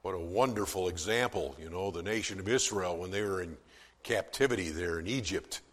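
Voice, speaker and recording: A man preaching a sermon as pastor, swelling from soft to loud for emphasis, with some stammered restarts. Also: deep voice, fairly quick, in a large hall.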